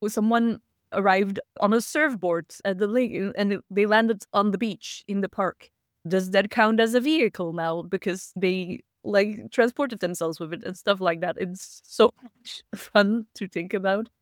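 A woman's voice: medium pitch, a little slow, dry recording, clean studio sound. A woman hosting a casual livestream talk, chatty and laughing often as she reads the chat. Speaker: host.

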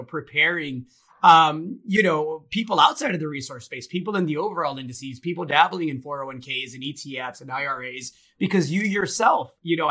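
A man in his forties co-hosting a podcast, talking in a lively, friendly way with quick asides. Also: fairly high pitch. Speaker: podcast co-host. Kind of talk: casual market chat.

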